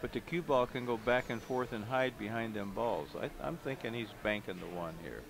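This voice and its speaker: A man's voice: mid-range voice, moderate pace, vocal fry. A man doing live commentary on a pool match in a pool hall, thinking aloud about each shot. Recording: noisy live venue stream.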